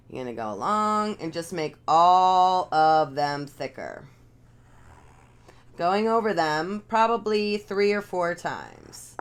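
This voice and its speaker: A woman's voice: fairly low pitch, smooth. A young woman talks viewers through chalkboard lettering from her living room floor. Her manner is chatty and encouraging, full of casual asides as she works. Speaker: art instructor. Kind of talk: casual video lesson.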